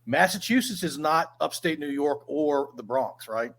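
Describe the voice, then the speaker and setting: A man's voice: fairly high pitch, lively intonation, normal speed, a bit bright. A man hosting a podcast, asking casual, conversational questions with a few restarts. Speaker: podcast host. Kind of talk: conversational interview.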